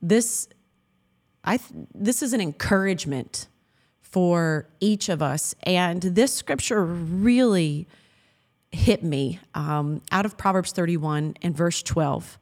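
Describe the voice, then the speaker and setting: Earnest woman in her 30s on a faith chat, kinda low voice, laughs a lot and reads bible verses. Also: slow, darkish tone. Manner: earnest and affectionate, laughs often, quotes scripture. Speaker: co-host of a Christian marriage talk. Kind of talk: heartfelt faith-based chat.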